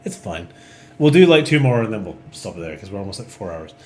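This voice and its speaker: A man hosting a casual podcast, asking questions in a lively, jokey way. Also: fairly low pitch, fast. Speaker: podcast host.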